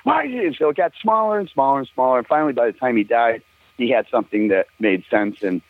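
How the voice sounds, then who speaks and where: Over a tinny phone line with a dry recording, an older man, a musician, chats casually as a guest. A fast talker at medium pitch, he tells rambling stories full of profanity and laughs often.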